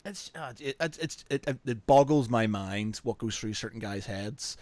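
A man's voice: medium pitch, expressive, moderate pace, darkish tone, no room sound. A man co-hosting a podcast in casual chat, laid-back and laughing often, with slangy asides. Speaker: podcast co-host.

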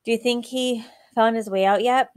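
A woman's voice: fairly high pitch, fairly even intonation, moderate pace, clean tone, no echo, studio quality, voice pushed up, natural voice. A woman voicing an anxious young boy on the run, asking worried questions.

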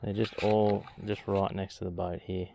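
A man's voice: deep voice, little pitch movement, moderate pace, creaky, mellow, a little hiss or hum. An Australian man on a boat outdoors, giving casual, chatty commentary as he fishes and talks to the fish he catches. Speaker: fishing vlogger.

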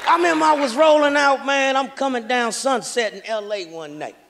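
High-pitched guy doing stand-up, loud cussing punchlines, noisy live show. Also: a little fast, vocal fry. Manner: brash, profane, loud punchlines. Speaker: stand-up comedian. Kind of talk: stand-up comedy set. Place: live comedy stage before an audience. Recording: live show with crowd and noise.

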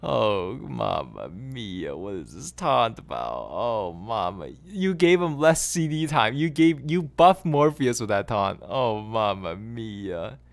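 Male game coach, lively swooping pitch, exasperated and repetitive, casual review commentary. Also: unhurried, gravelly, hardly any pauses. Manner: exasperated, animated, repeats phrases, laughs in disbelief.

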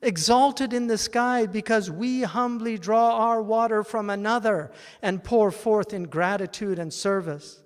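A man voicing humble clouds in a recited poem, speaking in a softly pleading way. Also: high voice, unhurried, hardly any pauses, clear, resonant tone, in a large hall, pitched above the performer's own voice. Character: humble clouds, gentle and grateful.

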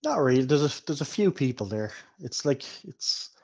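A man running a tabletop game as game master, narrating in a relaxed, rambling way. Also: mid-range voice, normal speed, husky. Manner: relaxed, rambling with fillers like "kinda".

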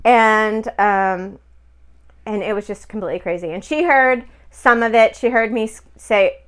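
A middle-aged woman talking casually about something personal, her voice smooth and clear. She rambles a little, with fillers and acted-out bits of dialogue, and sounds close to tears at times. Recorded at home. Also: mid-range voice, a little slow, fairly bright tone. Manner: emotional, chatty, many fillers and quoted dialogue. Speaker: spiritual healer telling a personal story.

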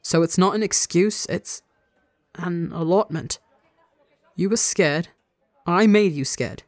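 A podcast reader voicing a gentle, loving young man who speaks softly and reassuringly to his partner. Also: medium pitch, slow pace, no room sound, a faint crowd, lightly acted. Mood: tender. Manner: soft and reassuring.

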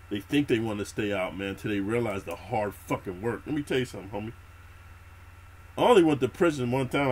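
A man's voice: medium pitch, a little hiss or hum. A middle-aged man talking casually in heavy street slang and constant swearing, telling prison and military stories to his viewers. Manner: streetwise slang, swears a lot, calls listener homie. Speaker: YouTube prison-story host. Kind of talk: unscripted casual monologue.

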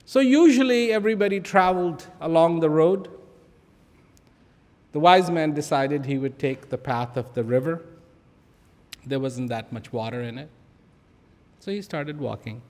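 A man giving a reflective spiritual talk, telling a story with dramatic pauses, repeated phrases and sudden drops to a whisper. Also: on the high side, a little mellow. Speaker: spiritual speaker. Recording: long reverb of a large hall.

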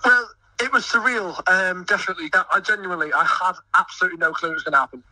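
A young man who sings in a choir and volunteers at a festival, talking excitedly in a radio interview and often stumbling over his words. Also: high-pitched, rapid-fire, distant mic, slight background noise, rough recording. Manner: eager, stumbling restarts. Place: busy outdoor festival field.

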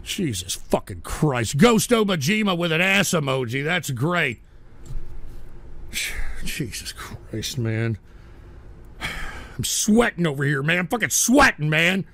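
A man hosting a comedy stream in an exasperated, profane on-air meltdown, swinging between yelling and weary muttering. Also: fairly high pitch, big pitch swings, slow, long pauses, a little hiss or hum.

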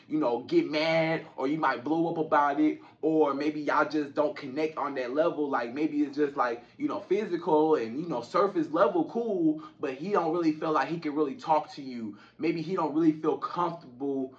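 A man speaks as a relationship coach, talking straight to women in an informal, rambling way, always circling back with "you know". His voice sits a little high for a man. The recording sounds muffled and lo-fi. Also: moderate pace, hardly any pauses. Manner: informal, repetitive, addresses women directly with frequent "you know". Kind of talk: direct-to-camera advice talk.

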